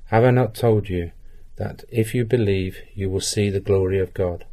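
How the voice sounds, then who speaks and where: A man reading the part of Jesus in a measured, solemn scripture reading. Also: fairly low pitch, fairly even intonation, warm tone. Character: Jesus, calm grown man teacher.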